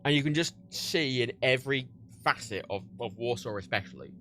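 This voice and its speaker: A man's voice: medium pitch, animated, brisk, pushed and bright, a little hiss or hum. A man from Ireland, hosting a livestream, chatting casually and rambling with repeated words and fillers while he packs prints at home. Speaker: livestream host. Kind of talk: casual chat while packing orders. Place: home workspace, packaging prints.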